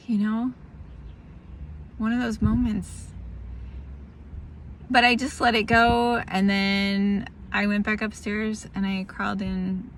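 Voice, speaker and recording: Woman, tired, candid rambling diary talk, gravelly fry, faint noise behind. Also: mid-range voice, fairly bright tone. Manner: rambling, candid, laughs through hardship. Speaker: vlogger sharing a family update. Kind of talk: casual spoken diary.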